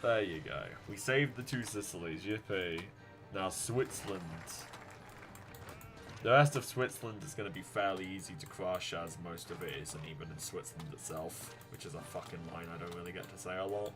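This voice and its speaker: Excitable young man commentating a strategy game. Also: deep voice, normal speed, over music. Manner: swings from mumbled muttering to loud pleading outbursts, swearing. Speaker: gaming YouTuber. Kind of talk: live gameplay commentary.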